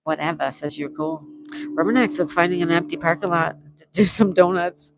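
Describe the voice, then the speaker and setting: A woman's voice: on the low side, fairly even intonation, moderate pace, creaky, poor audio. A retired woman in her sixties hosting a casual livestream, reading viewers' comments aloud and chatting back. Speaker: livestream host.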